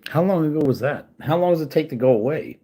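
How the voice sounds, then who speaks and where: Husky, animated man ranting. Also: on the high side, fast. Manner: profane, angry, sarcastic; talks while working at a computer. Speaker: channel host. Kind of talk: casual rant to camera.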